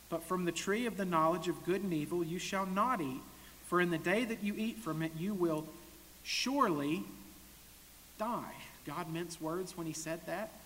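A man preaching a conversational sermon to a congregation, moving between quiet asides and loud emphatic declarations. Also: a little high. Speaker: pastor. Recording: long hall reverb, faint hiss.

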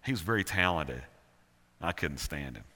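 Southern pastor guy preaching, bright lively voice, big reverby church sound. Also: rumbling low, normal speed. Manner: animated, earnest, emphatic repetition. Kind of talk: sermon.

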